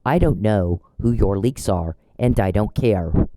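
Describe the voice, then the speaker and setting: A man's voice: on the low side, expressive, unhurried, dark tone, dry recording, rough recording. A man delivering an angry, profane, scolding monologue aimed at someone who isn't there, repeating his demands over and over. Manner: confrontational, profane, scolding, repetitive. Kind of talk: angry monologue addressed to an absent person.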